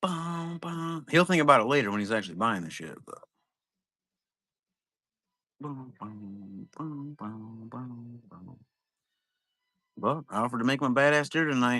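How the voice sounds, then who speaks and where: Bright-voiced rambling middle-aged man. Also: medium pitch, animated, fast, hardly any pauses, no room sound. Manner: rambling storyteller, swears freely, laughs at his own stories. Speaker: live-stream seller. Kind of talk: casual chat. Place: at home, sitting.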